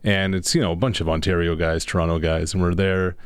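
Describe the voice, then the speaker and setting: A man co-hosting a live sports radio show, telling stories in a casual, animated way. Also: low voice, fast talker, clear, resonant tone, no room sound. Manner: storytelling, animated when making a point. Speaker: sports broadcaster co-host. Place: radio studio.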